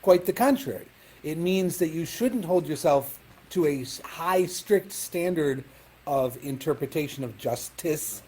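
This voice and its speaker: A rabbi leads a Talmud class, explaining each text step by step and checking that his students follow along. His voice is mellow and sits a little high for a man, and he mixes Hebrew and Aramaic terms into his plain talk. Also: lively intonation, unhurried, breathy edge.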